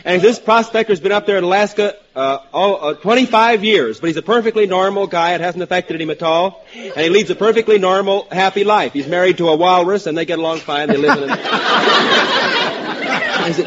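A man pitching comedy ideas at a panel, halting and chuckling through his own jokes. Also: a bit bright. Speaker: gag writer. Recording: dull lo-fi recording with audience.

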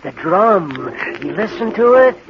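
A man's voice: sits high, big pitch swings, measured pace. An actor playing a despairing castaway man who is slipping into fearful hysteria, in old-time radio drama style. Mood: hysterical. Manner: fearful, broken, rising to hysteria. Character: despairing castaway man going half mad. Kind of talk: 1940s radio acting. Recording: lo-fi old radio broadcast with faint hiss.

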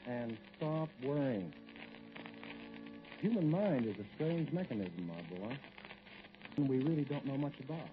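A man's voice: mid-range voice, big pitch swings, measured pace, pauses often, muffled recording, music in the background. An actor playing a firm, fatherly small-town doctor giving advice in a 1940s radio drama, on a hissy old broadcast recording. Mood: advising. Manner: firm, advising.

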